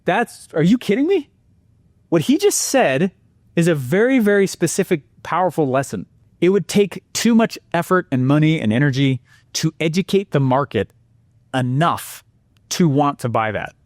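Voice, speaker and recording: Male presenter, slightly high pitch, dry recording; lively storyteller in a marketing lesson. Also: moderate pace, dry recording. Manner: energetic, animated storytelling with exclamations.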